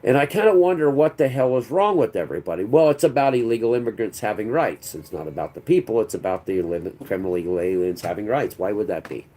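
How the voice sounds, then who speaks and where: A man's voice: on the low side, animated, fast talker, few pauses, mellow, a little hiss or hum. A man hosting his own political commentary channel, ranting off the cuff in a rambling, sarcastic and profane way.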